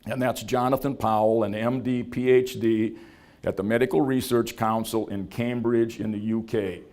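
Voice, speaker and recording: Man, middle pitch, folksy storyteller, acts out quotes, business talk at an event. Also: steady tone, normal speed, a little mellow. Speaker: startup founder giving a talk. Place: event venue.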